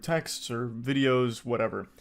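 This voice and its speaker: A man's voice: mid-range voice, unhurried, vocal fry. A man commentating on online posts, mocking them in a dry, incredulous way. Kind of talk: sarcastic reaction commentary.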